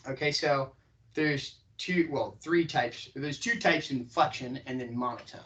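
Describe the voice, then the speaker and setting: A man teaching a sales class, stretching his pitch high and low to show how inflection works. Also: unhurried, recorded from a distance, lo-fi sound. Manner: animated, swings pitch up and down for demonstration. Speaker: sales trainer. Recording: voice from across a room.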